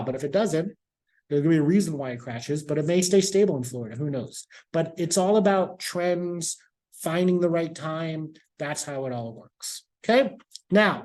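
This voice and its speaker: A man's voice: a little high, a little mellow. Casual male math professor lecturing. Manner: casual, repeats key points, speaks to students directly. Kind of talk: classroom lecture.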